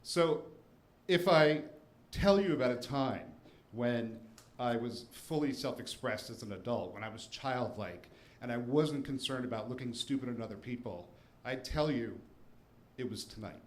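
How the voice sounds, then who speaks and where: Man in his forties, live stage storyteller, wry self-deprecating humor, medium pitch, roomy hall, faint background ambience. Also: normal speed, a little hiss or hum. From Washington, D.C. area, USA. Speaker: storyteller and attorney. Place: live show venue before an audience.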